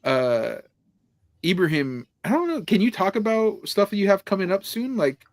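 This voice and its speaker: Chatty podcast host guy, kinda high voice, dry close sound, laughs a lot while he rambles. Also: sing-song, moderate pace, dry recording. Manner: rambling, laughing storyteller who swears freely. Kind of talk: casual chat.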